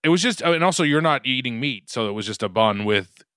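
A man's voice: medium pitch, lively intonation, fast talker, pushed and bright, clean tone, dry recording, clean studio sound. A man co-hosting a podcast, joking around in casual chat and asking playful questions. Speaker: podcast co-host.

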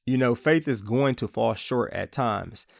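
A man leads an informal Bible teaching for his podcast, speaking in a relaxed, chatty way. His voice sits at a middle pitch. The recording is dry, with no room echo. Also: measured pace, gravelly. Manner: casual, conversational, acts out quotes playfully.

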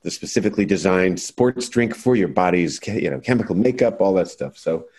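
A man's voice: sits low, animated, a little fast, a little mellow, husky. A man from the United States hosting a casual sports talk show, blunt and opinionated. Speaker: podcast host.

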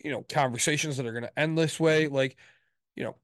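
A man's voice: mid-range voice, brisk, no room sound, studio quality. A congested man co-hosting a podcast, rambling casually, laughing and tagging lines with "right?". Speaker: podcast co-host. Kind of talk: casual chat.

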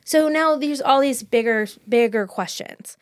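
A woman co-hosting a casual book podcast, talking in an animated, rambling way with quick restarts. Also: sits high, no echo, clean studio sound. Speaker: podcast co-host.

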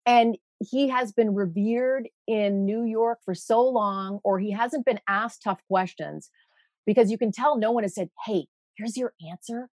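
A woman's voice: medium pitch, a little slow, darkish tone, no echo. A woman guest on an interview show, speaking in an indignant, emphatic way. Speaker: guest, meteorologist. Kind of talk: impassioned interview talk.

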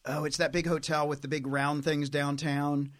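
A man from Tennessee hosting a podcast interview in a relaxed, self-deprecating conversational way. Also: fairly high pitch, normal speed. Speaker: podcast host.

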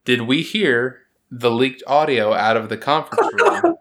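A man hosting a casual sports podcast, talking in an animated, rambling way that keeps interrupting itself. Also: medium pitch, unhurried. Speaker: podcast host.

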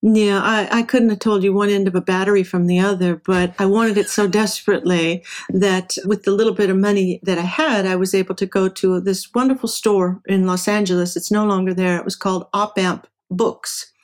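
A woman's voice: medium pitch, steady tone, fairly quick, few pauses. A middle-aged woman from Southern California, telling stories from her career as an interview guest. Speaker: interview guest, engineer and professor. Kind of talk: casual storytelling.

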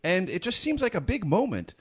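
A man's voice: high-pitched, a little fast, husky. A man hosting a dinner-table interview, chatty and genial. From United States. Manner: genial, chatty, animated questioning. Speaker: host.

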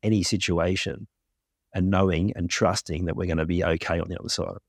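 A man speaking as a podcast guest, his voice very low and steady. He explains his ideas calmly and reflectively at length, in a close, dry recording. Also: a little fast, creaky, no room sound. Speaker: podcast guest, grief coach. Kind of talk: interview explanation.

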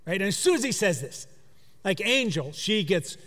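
A man preaching a sermon through a story, in a conversational way that drops to a hush for emphasis. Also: sits high, very animated, moderate pace. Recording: long hall reverb.

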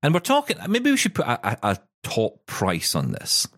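Lively teasing man co-hosting a podcast. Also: mid-range voice, no room sound, clean studio sound. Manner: teasing, quick banter. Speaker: podcast co-host. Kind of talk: casual chat.

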